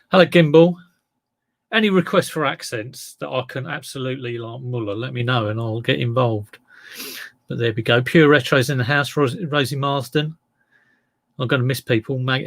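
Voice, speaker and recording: A man's voice: medium pitch, normal speed, gravelly, a bit bright, dry recording. Man in his fifties, Southeast English accent, live-stream host, chatty and rambling, dry close sound. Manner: chatty, rambling, greets viewers by name. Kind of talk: casual live-stream chat.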